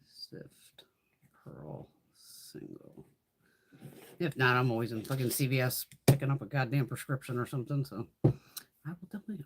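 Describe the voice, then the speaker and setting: A woman's voice: very deep voice, lively intonation, normal speed, pauses often, slightly rough. A middle-aged woman hosting a beauty livestream, chatting casually with viewers, laughing often and swearing freely.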